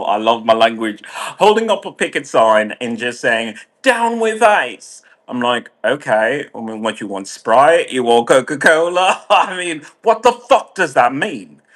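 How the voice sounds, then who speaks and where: A man's voice: medium pitch, fairly bright tone. A man delivering a heated, sardonic monologue full of swearing, speaking as a vlogger. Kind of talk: ranting monologue.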